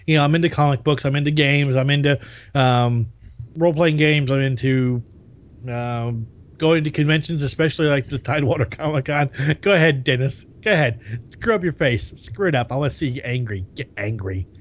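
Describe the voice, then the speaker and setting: A man's voice: medium pitch, brisk. Podcast guy with a bit of a boston accent, jokey and rambly, dull lo-fi sound. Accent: mixed Boston. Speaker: podcast co-host. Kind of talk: casual chat.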